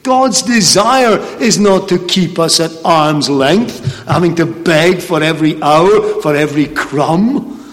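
A male preacher delivering a sermon, emphatic and rhetorical, slowing down to stress key points. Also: on the high side, expressive, in a large hall.

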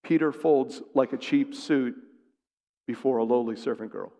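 A man preaching a sermon, who acts out the lines he quotes with big swings in pitch and volume. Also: normal speed, mellow, long reverb tail.

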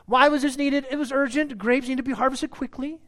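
A man's voice: very high voice, fairly even intonation, brisk, sharp tone. A man preaching a sermon in a loose, conversational way, trailing off into restarts and repeated words. When he drives a point home he pushes his voice up and out, then settles back down. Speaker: pastor.

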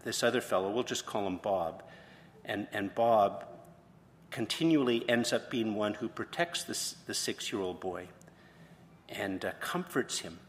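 A man's voice: lowish voice, measured pace, long reverb tail, a little hiss or hum. A man preaching a sermon, retelling a story and then posing questions to the congregation. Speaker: pastor.

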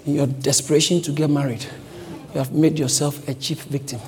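A man preaching a sermon as pastor, repeating short urgent commands and building up to shouts. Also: fairly high pitch, little pitch movement, fairly quick. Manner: repetitive exhortation, rising to shouts. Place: church. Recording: long hall reverb, faint background noise.

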